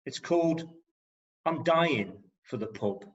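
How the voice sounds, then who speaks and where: A man with an English Midlands accent reads his spoken-word poetry over a muffled, lo-fi video call. His voice sits a little higher than most men's, and his rhymes land with a steady, rhythmic beat. Between poems he chats with a dry, self-mocking humour. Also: takes it slowly. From England. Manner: rhythmic, rhyming delivery with wry humour. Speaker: performance poet. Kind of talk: spoken-word poetry reading with comic asides. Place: home, on an online video call. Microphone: video call microphone. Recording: dull lo-fi video call audio.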